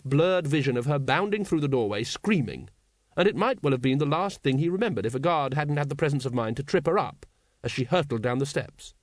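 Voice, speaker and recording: An audiobook narrator reads a novel aloud, delivering scripted narration in a dry, wry storytelling style. His voice is medium in pitch, with no echo.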